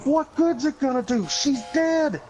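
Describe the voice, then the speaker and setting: A man's voice: animated, unhurried, slight background noise, heavily acted. A man shrieking as a hysterical woman. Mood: frantic. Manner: shrill, furious yelling. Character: hysterical screaming woman on a phone call.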